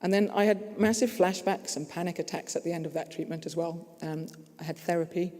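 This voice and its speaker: A man's voice: on the high side, steady tone, a little fast, darkish tone. A man with a New Zealand accent, giving an earnest, story-driven conference talk. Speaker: conference speaker. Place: conference hall. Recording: echoey hall.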